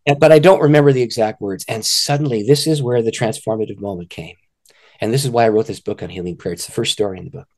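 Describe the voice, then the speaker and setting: A middle-aged man, an author and ministry director, telling a personal story in an interview with lively delivery and frequent laughter. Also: fairly low pitch, fast. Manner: lively, laughs often, acts out voices in stories.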